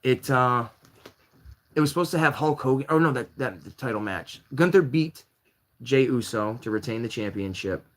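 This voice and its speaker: Rambling jokey male live-stream host. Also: normal speed. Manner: rambling, jokey, lively swings in pitch while building Lego. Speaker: host of a live variety show. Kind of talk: casual live-stream chat.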